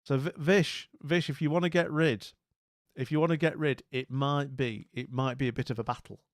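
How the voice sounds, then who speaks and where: A man chatting on a live stream, bemused and rambling, tripping over his own restarts. His voice sits at an ordinary middle pitch. The mic is close and dry, with no room sound at all. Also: fairly even intonation, moderate pace, no room sound. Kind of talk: casual live-stream commentary.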